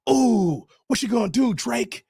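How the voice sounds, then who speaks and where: A man's voice: very high-pitched, lively intonation, a little slow, creaky, dark tone, husky, dry recording, studio quality. A man hosting a live stream, ranting in a casual, riled-up way and talking straight to his chat. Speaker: livestream host. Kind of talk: casual livestream rant.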